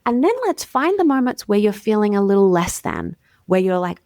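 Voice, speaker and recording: A woman's voice: medium pitch, animated, normal speed, dry recording, clean studio sound. A woman with an Australian accent, a communications coach speaking as a guest in a conversational podcast interview, articulate and explanatory. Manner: articulate, warm, explanatory with everyday fillers.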